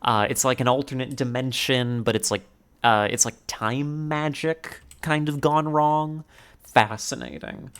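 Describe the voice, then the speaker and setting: A male streamer talking in casual live-stream chat, rambling excitedly and swearing now and then. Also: mid-range voice, measured pace, smooth.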